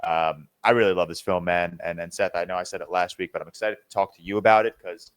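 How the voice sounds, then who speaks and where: Young guy, really deep voice, rambly podcast chat, lots of ums, dry close sound. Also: fairly even intonation, fast talker, clear, resonant tone, no room sound. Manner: rambling, filler-heavy, restarts often. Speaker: podcast co-host. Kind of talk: casual chat.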